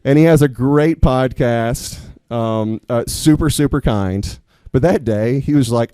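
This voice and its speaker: A man, a teacher and coach telling a personal story live on stage into a microphone, animated and then earnest. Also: mid-range voice, measured pace, few pauses, smooth, dry recording. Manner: animated, swears when quoting students, earnest at close.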